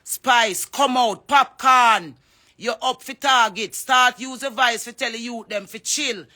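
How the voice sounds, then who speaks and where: A Jamaican woman speaks in a fervent, preaching way, calling people out one by one. Her voice is bright and forceful, and she uses it to make a pressing appeal on social media. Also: a little high, unhurried. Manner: fervent, preachy, calls out names. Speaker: singer.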